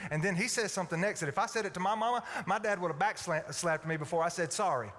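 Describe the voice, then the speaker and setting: A man preaching a folksy, humorous sermon from the pulpit. His voice is bright and somewhat high, dropping to a hush for effect. A long reverb fills the church hall. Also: quick pace, hardly any pauses. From Alabama. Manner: folksy, humorous, swings from loud to hushed. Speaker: pastor. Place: church sanctuary.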